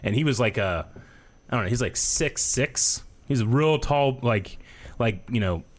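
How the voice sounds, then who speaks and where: A man in his thirties, a podcast co-host, telling stories in casual chat and lively voicing other people's lines. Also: a little slow. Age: 30s. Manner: animated storyteller, does high-pitched voices in quoted speech.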